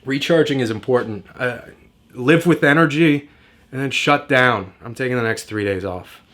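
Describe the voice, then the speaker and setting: A man's voice: mid-range voice, normal speed, a bit bright. Emphatic man coaching on marketing. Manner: emphatic, repetitive, motivational. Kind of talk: direct-to-camera marketing lesson.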